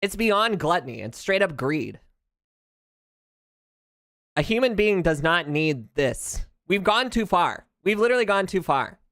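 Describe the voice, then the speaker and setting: A streamer from the United States rants and jokes through casual gameplay chat. Pitch leaps up and down, and the voice stays smooth and clear. The sound is dry and close on a streaming mic. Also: unhurried, long pauses, no room sound. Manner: animated, jokey, ranting, laughs often. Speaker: VTuber streamer.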